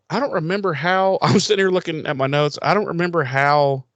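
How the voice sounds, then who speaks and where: A man's voice: a little high, animated, a bit bright, dry recording. Sarcastic, cursing male podcast host. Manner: sarcastic, profane, acts out characters in quick voices. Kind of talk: casual recap chat.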